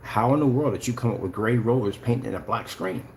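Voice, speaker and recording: A man's voice: fairly low pitch, fairly quick, vocal fry, slight background noise. A man giving casual, taunting livestream commentary, full of sing-song mockery. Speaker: channel host.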